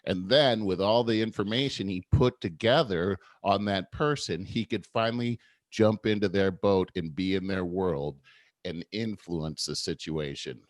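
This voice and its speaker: Low-voiced man in his fifties, earnest. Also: normal speed, few pauses, dry recording, clean studio sound. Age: 50s. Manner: earnest and explanatory, with many restarts. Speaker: podcast co-host. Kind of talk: casual conversation.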